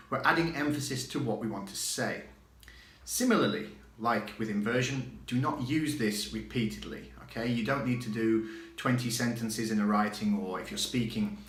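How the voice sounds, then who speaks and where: Guy teaching english grammar from his home study, chatty, says examples twice slow, room's kinda echoey. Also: medium pitch, a bit bright. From Catalonia, living there. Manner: chatty, repeats key phrases slowly for learners. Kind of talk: video grammar lesson. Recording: echoey room.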